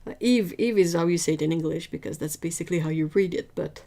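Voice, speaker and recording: A woman hosting an art livestream, chatting casually with viewers, emphatic and lively. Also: fairly low pitch, quick pace, gravelly. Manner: chatty, answers viewers' chat.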